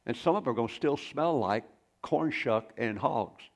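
A man's voice: mid-range voice, animated, moderate pace, vocal fry. A male pastor preaching a sermon in a folksy, storytelling way, with rambling asides.

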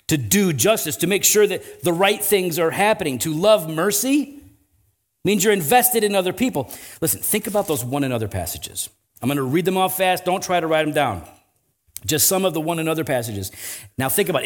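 Man, pastor, sermon, fairly high voice, casual asides, emphatic build-ups. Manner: conversational preaching with frequent "right?" asides and emphatic swells.

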